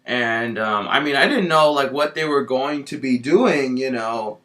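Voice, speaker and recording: Guy rambling thru a story in character, says "you know" constantly, bright kinda tense voice. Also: medium pitch, unhurried. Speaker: vlogger.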